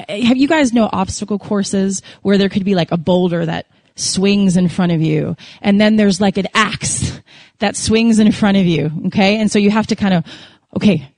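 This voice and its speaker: A woman sharing an emotional faith testimony to a congregation, telling it as a lively story and acting out her prayers. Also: mid-range voice, dry recording. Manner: animated, emotional storytelling with laughs and acted prayers. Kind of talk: sermon testimony.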